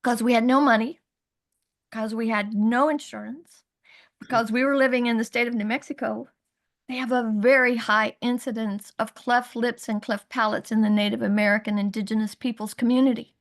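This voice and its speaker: A middle-aged woman on a video call, earnestly telling a hard personal story, halting and rising in pitch when upset. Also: flat delivery. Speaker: guest sharing her story. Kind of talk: emotional personal testimony.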